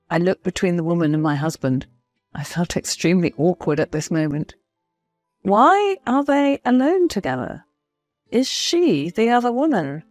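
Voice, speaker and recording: A woman narrating a first-person story in a confiding, expressive way. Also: fairly low pitch, normal speed, no room sound, soft background music.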